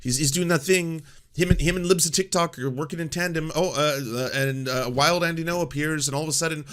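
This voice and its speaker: A man hosting a live-stream commentary show, talking in a profane, excitable, ranting way. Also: on the high side, brisk. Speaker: streamer host.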